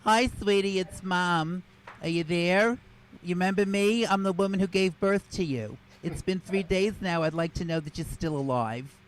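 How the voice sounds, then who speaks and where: A woman's voice: lowish voice, moderate pace, close to an everyday voice. A man voicing a chatty, guilt-tripping mother leaving rambling voicemails. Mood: nagging. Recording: noisy video call audio.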